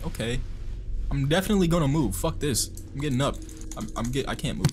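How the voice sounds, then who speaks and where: A man's voice: mid-range voice, quick pace, faint music behind. A young man giving casual, profane, jumpy gameplay commentary as a streamer. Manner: excitable, profane, jumpy reactions. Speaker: gaming streamer.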